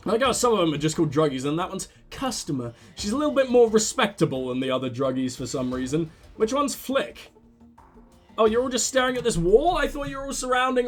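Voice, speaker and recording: A man hosting a let's play, joking wryly through his gameplay commentary. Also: high voice. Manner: wry, joking, with laughs and restarts.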